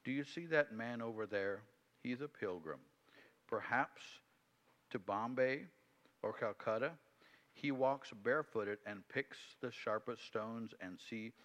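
A man voicing an old male pearl diver who speaks slowly and quietly in a subdued, low manner. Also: lo-fi sound. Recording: long hall reverb.

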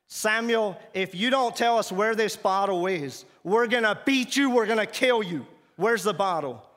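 A man acting out a frantic, threatening male kidnapper guard who yells and makes threats, in a spoken testimony. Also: fairly high pitch, brisk, big-room sound. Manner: yelling, frantic, menacing.

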